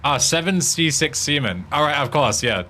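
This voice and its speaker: A man's voice: a little high, animated, moderate pace, sharp tone. Swearing British man streaming a game. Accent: British English. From Britain. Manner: swearing, laughing at his own attempts at tongue twisters. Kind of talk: casual gaming stream chat.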